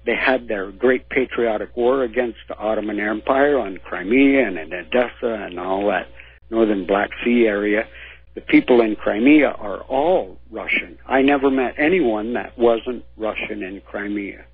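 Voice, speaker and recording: A man calling in to a talk radio show, his voice very husky and rough. He lectures at length, laying out history point by point. The sound is thin and boxy, like a phone line. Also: on the low side, unhurried. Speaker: caller.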